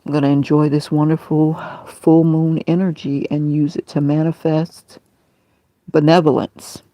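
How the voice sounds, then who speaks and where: A woman's voice: sits low, level tone, measured pace, dark tone, dry recording. A woman talking on her own livestream in a rambling, aggrieved, emotional monologue. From Tampa, Florida area. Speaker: livestream host.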